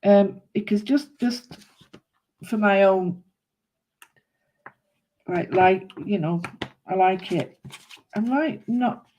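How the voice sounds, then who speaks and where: A woman's voice: mid-range voice, slow, pauses often, mellow, lo-fi sound. A woman chatting casually to viewers while she doodles, rambling and thinking aloud as she works. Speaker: craft vlogger.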